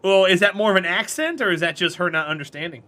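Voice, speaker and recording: A man's voice: sits high, lively intonation, quick pace, pushed and bright. A man chatting casually on a live stream while playing a game, rambling and answering chat.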